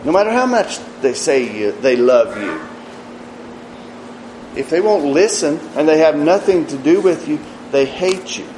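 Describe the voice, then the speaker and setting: A man preaching a sermon earnestly, rising in emphasis and dropping to quiet, low asides. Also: animated, roomy sound, slight background noise, low-quality recording. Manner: slow, earnest preaching with rises and quiet drops.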